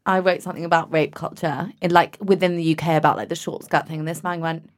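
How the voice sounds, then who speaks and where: A woman's voice: fairly low pitch, fast talker, few pauses. A woman hosting a podcast, chatting casually, laughing often and reading aloud. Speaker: podcast host. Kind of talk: casual chat.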